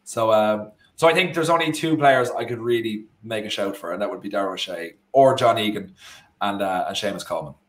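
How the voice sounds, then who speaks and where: A man with an Irish accent co-hosting a casual football watchalong, talking in a rambling, animated way and often correcting himself. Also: on the low side, fairly quick. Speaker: co-host. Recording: roomy echo.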